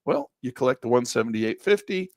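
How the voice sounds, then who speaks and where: A middle-aged man giving a live trading lesson in a folksy, upbeat way, losing his voice and clearing his throat. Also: mid-range voice, big pitch swings, fairly quick, dry recording, clean studio sound. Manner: folksy, upbeat, talks while clicking through charts. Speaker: trading instructor.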